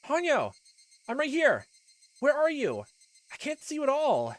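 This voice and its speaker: A man voicing a frantic young girl in a game playthrough, crying out loudly and pleading for help. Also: wildly swooping pitch, a little slow, exaggerated voice. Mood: frantic shouting. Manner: shouting, high and strained.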